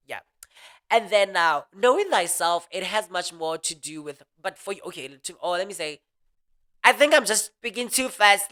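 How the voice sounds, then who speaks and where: Bright, quick-talking motivational speaker. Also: medium pitch, clear, resonant tone. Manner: quick, animated speech with frequent restarts; earnest and reflective. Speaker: host of a motivational audio talk. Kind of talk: casual motivational monologue.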